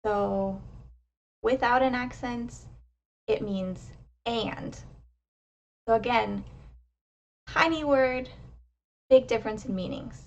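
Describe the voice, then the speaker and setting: A woman teaching pronunciation, explaining step by step and modelling each word slowly and with emphasis. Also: fairly high pitch, gravelly, distant mic, lo-fi sound. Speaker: language teacher. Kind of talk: slow, careful pronunciation lesson.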